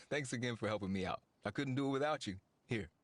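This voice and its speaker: An actor voicing a friendly young villager in a cozy video game, earnest and warm in manner. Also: male voice, mid-range voice, fairly quick, dry recording, lightly acted. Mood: fond. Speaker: game character. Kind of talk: game voice acting.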